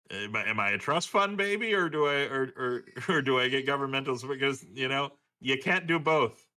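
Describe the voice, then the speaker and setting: Man, 40s, bright tone, profane rambling chatter. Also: mid-range voice, lively intonation, moderate pace. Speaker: streamer talking with a friend. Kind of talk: casual chat.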